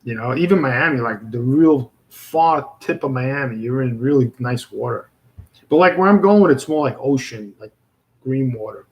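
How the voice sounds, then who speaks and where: A man's voice: medium pitch, expressive, moderate pace, muffled recording. A man with a Brooklyn accent chatting casually and rambling with viewers on a livestream, full of fillers and restarts. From New York. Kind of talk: casual live chat.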